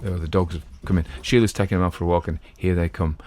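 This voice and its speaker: A man's voice: sits low, fairly even intonation, fast, a little mellow. A middle-aged man hosting a podcast, chatting casually and digressively about a classic detective story from his home. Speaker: podcast host. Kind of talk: casual talk on classic literature.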